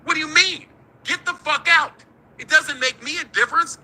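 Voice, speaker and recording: A man's voice: very high voice, normal speed, pushed and bright, rough recording. A middle-aged man, hosting a boxing talk stream in a profane, combative rant. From United States. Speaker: boxing talk show host. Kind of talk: livestream rant.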